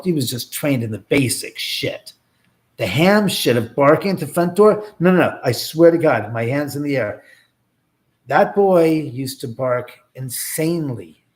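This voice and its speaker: A man hosting a casual livestream, talking in a rambling, joking way with many restarts and asides to his viewers. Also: mid-range voice. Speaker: livestream host and filmmaker.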